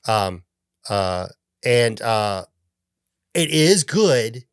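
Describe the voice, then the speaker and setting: Male podcast co-host, mid-pitched and chatty, dry close mic, animated recapper who trips over fillers. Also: extremely slow, smooth, dry recording. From Tennessee. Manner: animated storyteller, fond of acting out quotes, many fillers. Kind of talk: casual movie-review chat.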